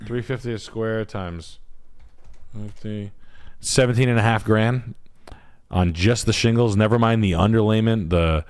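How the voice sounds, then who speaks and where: A man's voice: lowish voice, fairly even intonation, a little slow, clean tone, no echo. A man hosting a livestream, giving blunt, crude advice and swearing freely in casual chat. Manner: crude, joking, swears a lot. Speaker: host.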